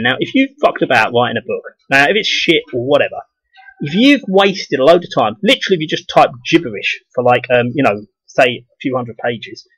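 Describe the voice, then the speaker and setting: Husky man ranting bluntly. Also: medium pitch, a bit bright, no echo, rough recording. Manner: blunt, profane, scornful. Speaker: video blogger. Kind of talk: casual ranting monologue to camera.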